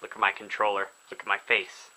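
Chatty young guy, bright voice. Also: on the low side, fairly quick, rough recording. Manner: chatty, excitable, jokey. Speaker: gaming video host. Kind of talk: casual let's play commentary. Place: indoors at home, filming himself.

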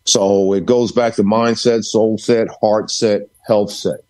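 A man's voice: on the low side, fairly even intonation, slow, a little mellow. A man speaking from his home study as a podcast guest, telling stories with emphatic, sermon-like repetition. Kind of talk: storytelling interview.

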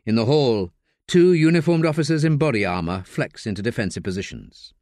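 A man narrating a crime novel audiobook, with expressive storytelling, at a studio mic. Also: medium pitch, a little fast, dry recording. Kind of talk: scripted narration.

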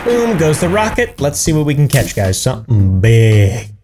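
A man giving casual gameplay commentary, excitable and yelling and cursing at the game. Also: fairly high pitch, moderate pace, over music. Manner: excitable, yells and curses at the game. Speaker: gaming YouTuber.

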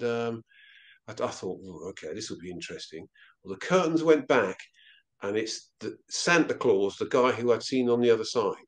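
A man telling a personal story as an interview guest, halting and often repeating himself. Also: medium pitch. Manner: halting, with frequent stammered repeats.

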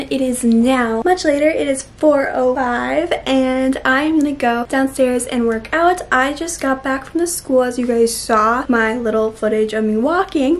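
A woman's voice: mid-range voice, slight background noise. A teenage girl chatting casually in a daily vlog, upbeat and full of filler words, with music behind her. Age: teens. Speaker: vlogger.

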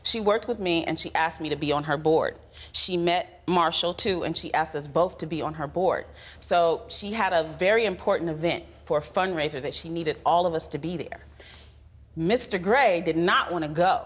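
A woman's voice: fairly low pitch, normal speed, slightly rough. A woman in her forties, a litigant on a court show, talking at length and acting out what was said. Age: 40s. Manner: talkative storyteller, acts out dialogue.

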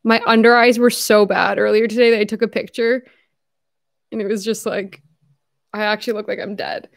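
A woman's voice: medium pitch, level tone, moderate pace, creaky. A young woman hosting her own livestream, chatting casually and rambling with frequent fillers and laughs.

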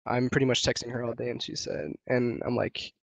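A man's voice: medium pitch, fairly even intonation, brisk, creaky, dry recording. Young man telling a rambling, cussing story. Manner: rambling, profane storytelling with many restarts. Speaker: podcast co-host. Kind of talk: casual chat.

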